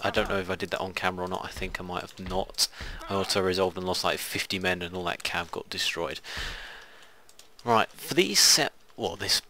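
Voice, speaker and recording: A man's voice: low-pitched, fairly quick, pushed and bright, a little hiss or hum. A man giving rambling, casual commentary while playing a strategy game. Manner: rambling, muttering asides to himself. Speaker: gaming video host. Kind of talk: casual let's play commentary.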